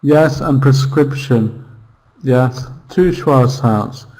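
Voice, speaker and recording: A man teaching an online English lesson, slowly repeating words and pronunciations for his students. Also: medium pitch, a little mellow, poor audio.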